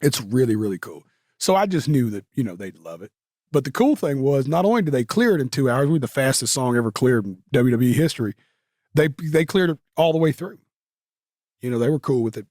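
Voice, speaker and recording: A man's voice: medium pitch, lively intonation, brisk, darkish tone, dry recording, studio quality. A man, telling stories casually as an interview guest, with lots of fillers. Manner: drawling Southern talk with many fillers.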